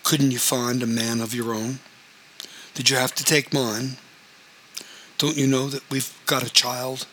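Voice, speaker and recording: A man reading as an enraged betrayed wife, bitter and accusing, each question snapping harder than the last, bright clear tone with a faint hiss behind it. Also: medium pitch, flat delivery, a little slow, pauses often, close to an everyday voice, low-quality recording. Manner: accusing, bitter, sharpening to shouts. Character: furious betrayed wife confronting her cousin.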